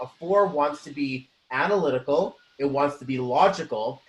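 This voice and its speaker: Energetic man talking in a roomy space. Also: fairly high pitch. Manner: energetic, acts out quoted voices. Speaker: co-host. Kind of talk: motivational casual talk. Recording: roomy echo.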